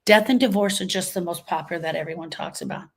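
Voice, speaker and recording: A woman's voice: fairly low pitch, fast talker. A woman hosting a live grief coaching talk, emphatic and full of rhetorical questions, reading out comments from her audience. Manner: reads out audience comments warmly. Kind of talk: motivational livestream talk.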